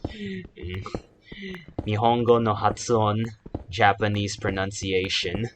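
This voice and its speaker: A man's voice: fairly low pitch, slow, a little hiss or hum. A man giving casual, rambling commentary while he plays a video game, often correcting himself and wandering into asides. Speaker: gaming YouTuber. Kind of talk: casual Let's Play commentary.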